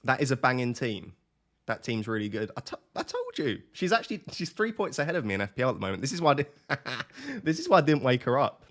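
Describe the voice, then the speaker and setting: A man's voice: medium pitch, big pitch swings, quick pace, fairly bright tone. A man, casually chatting with his live stream audience, laughing and reading comments aloud.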